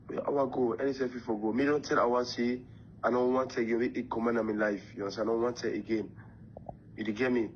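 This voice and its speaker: A man's voice: medium pitch, muffled recording, a little hiss or hum. A man with a Sierra Leonean Krio English accent leaving a private voice message, pleading and reassuring, often repeating questions to check he is understood.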